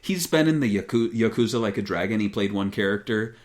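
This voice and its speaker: Man, low voice, podcast co-host, casual chat, relaxed, hesitant. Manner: relaxed, hesitant, does quick impressions.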